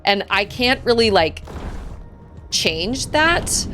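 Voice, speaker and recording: A woman's voice: fairly low pitch, animated, moderate pace, fairly bright tone, faint music behind. A woman in her thirties chatting casually while streaming a game, telling family stories and acting out quoted voices. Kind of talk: casual gameplay chat.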